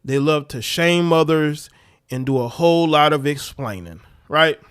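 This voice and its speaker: A man's voice: on the high side, animated, measured pace, fairly bright tone, clear, resonant tone. A man hosting a live stream, talking in loose, repetitive slang. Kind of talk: casual commentary.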